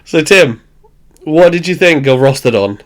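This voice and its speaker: A man hosting a podcast, recapping a sitcom in animated storytelling, swearing freely, laughing often and acting out the characters. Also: fairly high pitch, normal speed. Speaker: podcast host. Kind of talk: casual chat recapping a show.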